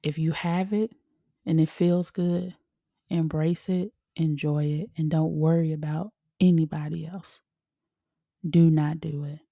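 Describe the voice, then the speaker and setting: A woman podcaster who works as a medium talks at an unhurried pace, her lowish voice carrying a gravelly fry. Her tone is relaxed and chatty, full of loose, colloquial phrasing. The sound is close and dry. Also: no room sound. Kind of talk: casual motivational talk.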